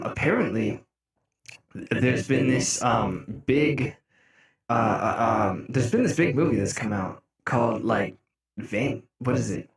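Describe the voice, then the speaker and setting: A young man streaming live, chatting casually with his viewers, laughing often and breaking into mock-outraged shouts. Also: mid-range voice. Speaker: music streamer. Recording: roomy echo.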